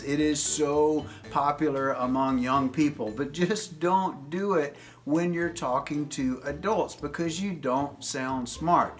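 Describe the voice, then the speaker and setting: A man in his fifties giving advice to young people in a teasing, jokey lecture. His voice sits slightly high for a man. He talks casually and directly. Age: 50s. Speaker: advice video host.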